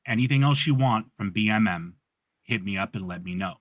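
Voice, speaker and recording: A man with a lowish voice, chatting in laid-back, sweary banter with a conspiratorial edge. His audio sounds dull and dry, like a video call. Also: brisk, no room sound. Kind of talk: casual banter.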